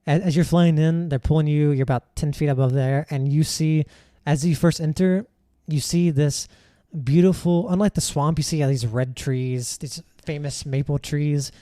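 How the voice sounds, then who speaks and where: A man's voice: on the high side, steady tone, normal speed, few pauses, mellow, dry recording. Casting note: male game master, loose rambling narration, dry close mic. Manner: rambling, hesitant, with many fillers.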